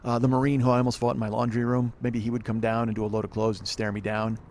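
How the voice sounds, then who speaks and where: A man's voice: medium pitch, little pitch movement, fast, darkish tone. A man hosting a solo podcast outdoors by an apartment pool, frustrated and swearing as he rambles. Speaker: podcast host. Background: wind and planes overhead.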